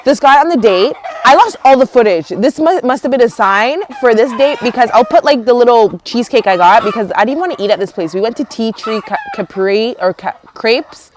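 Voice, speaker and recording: A woman's voice: a little high, a little fast, hardly any pauses, slight background noise. Young woman, from Canada, chatty storytime vlog, outdoors, faint hens and roosters behind. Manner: chatty and animated, lots of "like" and quoted dialogue. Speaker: vlogger.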